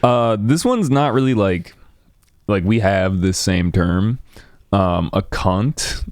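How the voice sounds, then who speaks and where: A man's voice: lowish voice, slow pace, a little mellow, no room sound, clean studio sound. A young man hosting a casual chat, curious and easygoing, filling his talk with "like". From United States. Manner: easygoing, heavy use of "like", curious questions. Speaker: podcast host.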